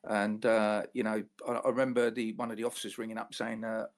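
A man, a former police officer, chatting casually and haltingly with many restarts. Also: on the low side, little pitch movement. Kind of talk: casual chat.

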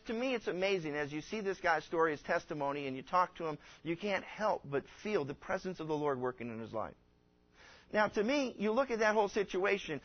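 A man with a fairly high voice preaches in a loose, folksy way, wandering through homely examples and slipping into the voices of the people he quotes. The recording is dull and lo-fi, with the top end muffled. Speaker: pastor. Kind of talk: conversational sermon.

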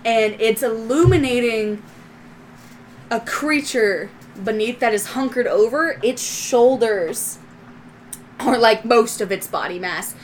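A woman's voice: fairly high pitch, takes it slowly, slight background noise. A woman narrating as game master of a tabletop game, describing scenes in a loose, descriptive way with fillers.

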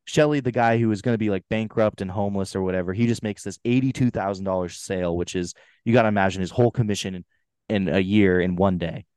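A young man co-hosting a casual movie review podcast, animated and swearing freely as he acts out lines. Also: on the low side, fast, smooth, no echo, clean studio sound. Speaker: podcast co-host. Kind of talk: casual chat.

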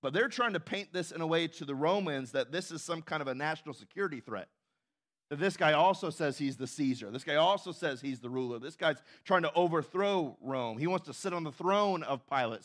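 A man's voice: fairly high pitch, lively intonation, fairly quick, fairly bright tone. A man preaching a sermon as pastor, emphatic and asking the congregation questions.

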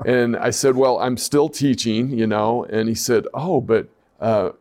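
A middle-aged man, a former high school coach, telling a story on a podcast with rambling, self-mocking humor. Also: fairly even intonation, measured pace, a little mellow. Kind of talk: casual storytelling chat.

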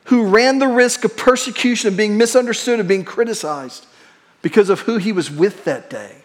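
High-voiced pastor preaching a sermon. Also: male voice. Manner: shifts between quick asides and slow, hushed emphasis; leads the congregation in call-and-response.

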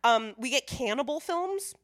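A woman's voice: high-pitched, animated, moderate pace, fairly bright tone, no room sound, studio quality. A woman co-hosting a casual film podcast, explaining things at length with many "like" and "you know" fillers. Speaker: podcast co-host.

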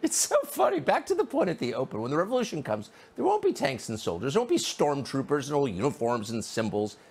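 A sarcastic male commentator who talks with heavy emphasis. His pitch swoops widely from low to high. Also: huge pitch swings, fast, darkish tone, slightly rough. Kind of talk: opinion commentary.

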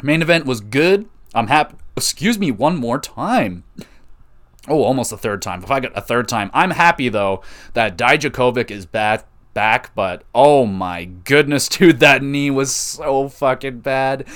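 Man, podcast host, casual wrestling recap, excitable, cursing, smooth clear voice. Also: mid-range voice, measured pace. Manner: excitable, laughs at his own stories, swears freely.

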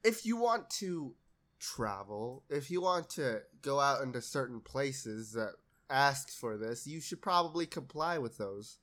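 A man's voice: medium pitch, very animated, measured pace, a bit bright. A man co-hosting a podcast in casual chat, sarcastic, swearing freely and laughing often. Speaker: podcast co-host.

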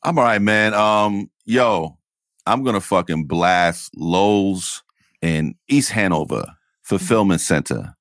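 A man's voice: deep voice, takes it slowly, a bit bright, dry recording, clean studio sound. A man in his forties, a podcast co-host telling a heated, profane story in casual chat. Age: 40s.

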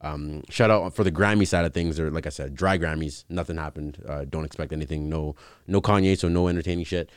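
A man's voice: very deep voice, a little fast, clean tone. A young man hosting a podcast in casual chat, laid-back, often mimicking people he talks about. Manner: laid-back, retells clips in mocking voices. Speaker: podcast host.

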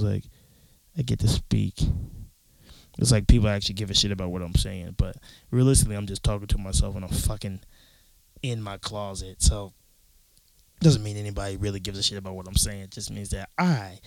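A man's voice: on the low side, gravelly, no room sound, low-quality recording. A young man hosting a casual solo podcast, rambling and cursing his way through a rant, recorded alone in his closet. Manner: profane, rambling, animated. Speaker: podcast host.

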